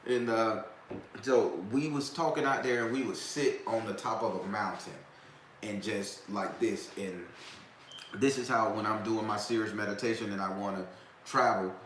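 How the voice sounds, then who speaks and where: A man's voice: on the low side, fairly even intonation, normal speed, fairly bright tone. A man hosting a live talk, telling a story in a loose, profane, casual way and laughing often. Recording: echoey room, faint background noise.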